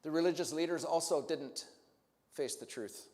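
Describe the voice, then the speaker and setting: A man's voice: fairly high pitch, normal speed, a little mellow, long reverb tail. A male pastor preaching a sermon, asking the congregation reflective questions and rising to emphatic peaks. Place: church sanctuary.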